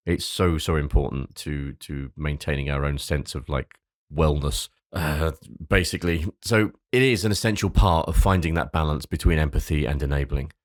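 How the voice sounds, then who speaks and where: A man's voice: sits low, dry recording, clean studio sound. A man hosting a podcast, reading an earnest script with loose, sweary asides. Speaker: podcast host.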